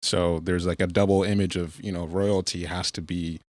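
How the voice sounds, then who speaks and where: A man's voice: low-pitched, little pitch movement, moderate pace, a little mellow, dry recording. A man co-hosting a casual podcast discussion, wry and teasing. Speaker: podcast co-host.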